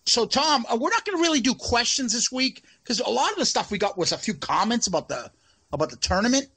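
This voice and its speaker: Bright, lively male podcast co-host. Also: very high voice, fast talker, breathy edge. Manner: swearing, laughs a lot. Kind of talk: casual chat.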